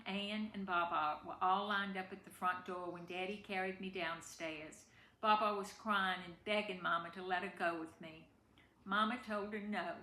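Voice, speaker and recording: A woman's voice: mid-range voice, bright, forceful tone. A woman reading a family memoir aloud in a tender, emotional way. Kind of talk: reading a personal story aloud. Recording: echoey room with faint background noise.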